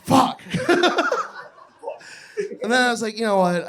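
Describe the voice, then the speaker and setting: A man performing a crude stand-up comedy set on a club stage, yelling his punchlines and telling stories. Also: high-pitched, huge pitch swings, normal speed, long pauses. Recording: noisy live club recording.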